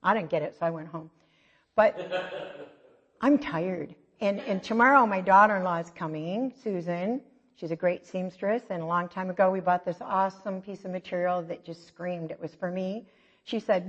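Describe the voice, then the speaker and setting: A middle-aged woman preaches in a chatty, self-mocking way, with stories and quick asides. Her voice sits at an ordinary pitch for a woman. The recording is dull and lo-fi, with a long echo from a big hall. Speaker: church speaker. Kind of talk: conversational sermon.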